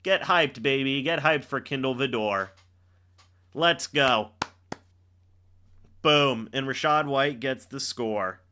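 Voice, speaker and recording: A young man hosting a live reaction stream, calling the plays and shouting and teasing players on big moments. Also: mid-range voice, takes it slowly, long pauses. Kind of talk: excited live play-by-play reaction.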